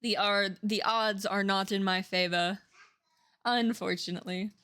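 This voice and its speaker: A woman in her thirties streaming from home, chatting casually in a rambling, emphatic way with quick laughs and cursing. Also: mid-range voice, fairly even intonation, fairly bright tone, smooth. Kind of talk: casual live-stream chat. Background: faint game music.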